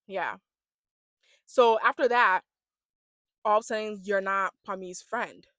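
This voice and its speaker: A woman ranting casually about a reality show, acting out the people she quotes and swinging between loud bursts and hushed asides. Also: medium pitch, a little slow, no room sound. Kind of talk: casual rant vlog.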